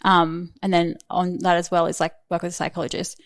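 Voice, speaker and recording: A woman around thirty speaks as a podcast guest, candid and chatty, with plenty of "like" and "um" woven through her sentences. Her voice sits a little low for a woman. The recording is dry and close, with no room sound. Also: little pitch movement, brisk, no echo. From Australia. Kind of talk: casual interview chat.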